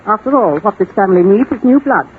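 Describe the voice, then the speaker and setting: A woman's voice: medium pitch, expressive, quick pace, a little hiss or hum, natural voice. A woman playing a scheming, haughty aristocratic widow in a 1940s radio drama, with a sweet, catty manner. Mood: sweetly malicious. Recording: tinny old 1940s radio broadcast.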